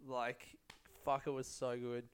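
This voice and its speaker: A man's voice: medium pitch, completely flat delivery, slow pace, smooth. A young man, a comedian, chatting casually and telling rambling, profane stories. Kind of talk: casual vlog chat.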